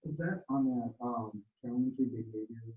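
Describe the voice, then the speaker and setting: A class participant asks short, hesitant questions on a video call. The line is thin and phone-like, and the voice sounds distant and quiet. The pitch sits in a middle range. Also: fairly even intonation, moderate pace.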